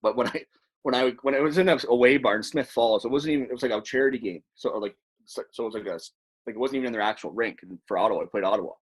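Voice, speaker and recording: A man's voice: medium pitch, racing, breathy edge. A man, a former hockey player, telling long rambling stories on a podcast in a casual, profane way. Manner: rambling, profane, animated storyteller. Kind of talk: casual storytelling.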